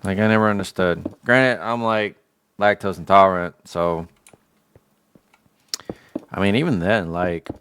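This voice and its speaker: Low-voiced guy streaming a game, slangy joking rant, keyboard clicking faintly behind. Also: unhurried, long pauses, fairly bright tone, a little hiss or hum. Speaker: gaming livestreamer. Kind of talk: casual chat while gaming.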